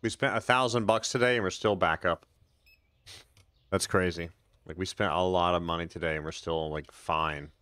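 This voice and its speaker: A man's voice: low-pitched, steady tone, normal speed, pushed and bright, no room sound. A man casually commenting on his own gameplay on a live stream, chatting with viewers and making sarcastic asides.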